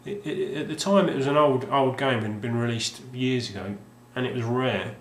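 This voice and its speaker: Here a man with a mid-range voice and a moderate pace casually presents his game collection. He's hesitant and meandering, full of ums and restarts, in a roomy space with faint ambience.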